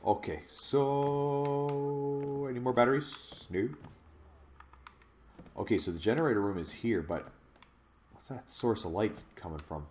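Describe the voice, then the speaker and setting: A man hosts a let's play of a horror game, his mid-range, slightly mellow voice unhurried and full of pauses, with a bit of hiss or hum on the audio. He's jumpy and jokey, addresses the viewer directly, and swears when startled.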